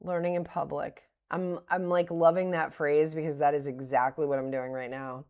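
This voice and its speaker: A woman's voice: sits low, flat delivery, normal speed, a little mellow. A middle-aged woman livestreaming her day trades, thinking aloud and openly scolding herself over her mistakes. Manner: thinking aloud, self-critical, breaks into laughs. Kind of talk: live-streamed trading commentary.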